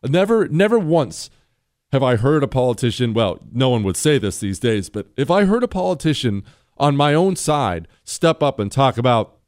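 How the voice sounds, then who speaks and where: A man's voice: medium pitch, big pitch swings, moderate pace, darkish tone, no room sound, clean studio sound. A man hosting a talk radio show, speaking bluntly and sarcastically with strong emphasis. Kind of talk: opinionated talk radio monologue.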